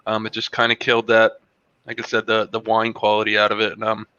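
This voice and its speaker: A man hosting a casual online tasting show, describing a beer and a cheese in a relaxed, rambling way with plenty of fillers. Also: lowish voice, quick pace, smooth, dry recording, highs cut off. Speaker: host reviewing beer and cheese. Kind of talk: casual tasting review on a video call. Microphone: video call.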